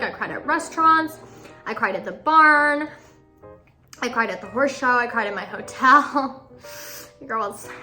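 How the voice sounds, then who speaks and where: A teenage girl talks casually about her riding season in a slightly high voice. She is chatty and dramatic, and she mocks herself often. Faint music plays underneath. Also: pushed and bright. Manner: chatty, dramatic, self-mocking, lots of fillers. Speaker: equestrian vlogger. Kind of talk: casual chat. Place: outdoors in snow at a horse show.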